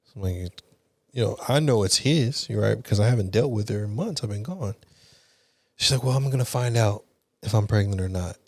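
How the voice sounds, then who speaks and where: A young adult man, a podcast guest, casually telling a candid, animated story with frank language. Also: on the low side, fairly quick, dry recording, studio quality.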